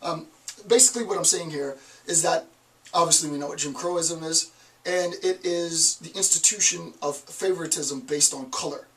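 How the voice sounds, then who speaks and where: A man's voice: a little high, moderate pace, fairly bright tone, distant mic, low-quality recording. A man with a Northeast American accent giving a college lecture, talking emphatically and asking rhetorical questions. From Northeastern United States. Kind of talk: classroom lecture.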